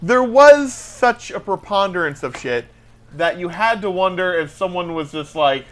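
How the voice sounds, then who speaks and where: Sex: man. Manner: rambling, higher voice. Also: animated, a little slow, a bit bright. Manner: rambling, hesitant, many restarts. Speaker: show regular. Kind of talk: casual banter.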